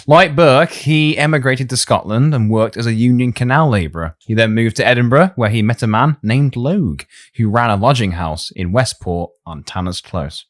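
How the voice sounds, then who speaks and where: A man's voice: medium pitch, lively intonation, normal speed, few pauses. A man hosting a casual comedy history podcast, reading out his research with frequent laughs and a slightly wheezy cough. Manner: narrates from notes, laughing often. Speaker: podcast host.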